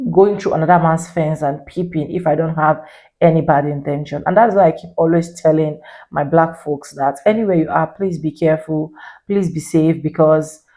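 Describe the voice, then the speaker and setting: Gravelly, low-voiced woman host. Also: mellow. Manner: earnest, emphatic and repetitive. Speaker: reaction channel host. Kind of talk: casual commentary to camera.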